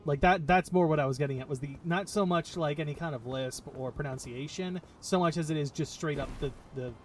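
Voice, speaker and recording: A man's voice: a little high, fairly quick, soft background music. A man chatting casually and jokingly, with some swearing, while playing a game. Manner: joking, profane, playful. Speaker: gameplay co-host. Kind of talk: casual gaming chat. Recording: distant mic with clear background noise.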